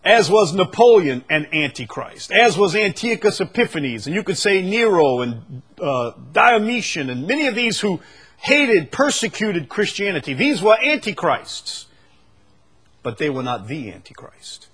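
Husky preacher with dramatic swings. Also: male voice, sing-song. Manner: swings from quiet, low asides to loud drawn-out proclamations; repeats phrases for emphasis and reads scripture aloud. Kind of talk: sermon.

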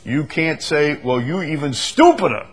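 A man leading a conversational Bible study, reading verses slowly and with weight, then explaining them with easy laughs. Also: on the high side, breathy edge. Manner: animated, stresses quoted verses slowly, laughs often. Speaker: Bible teacher.

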